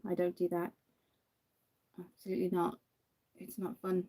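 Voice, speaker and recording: Irish woman host, mellow low-ish voice, chatty live makeup talk with lots of fillers. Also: monotone, moderate pace. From Ireland. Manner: chatty, answers viewer comments, many fillers. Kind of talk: casual live chat while doing makeup.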